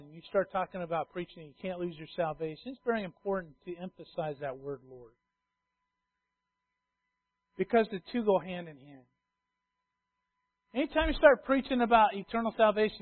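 A man preaching a sermon in an emphatic way, repeating key phrases and swinging between loud declarations and hushed asides. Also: high voice, no room sound. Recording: tinny phone-like sound.

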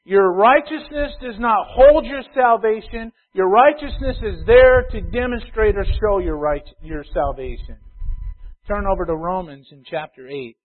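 A man preaching to a congregation, with a notably high voice. He reads scripture slowly and with force, then drops into easy explanation. The recording is thin and tinny, like a phone line. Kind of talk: sermon with scripture reading.

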